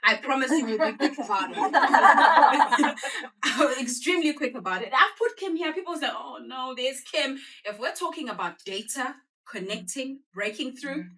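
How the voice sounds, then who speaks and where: A South African guest speaker gives a loose, conversational presentation to a live audience, drawing the room in with quick call-and-response questions. Her bright, forward, high-sitting voice is animated and picked up from a distance, with a little hiss or hum.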